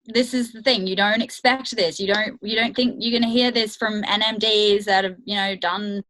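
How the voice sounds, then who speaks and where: A woman's voice: medium pitch, steady tone, moderate pace, fairly bright tone, poor audio. A woman coaching her team on a video call, talking candidly and chattily with many fillers. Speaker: network marketing coach. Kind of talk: motivational team training call.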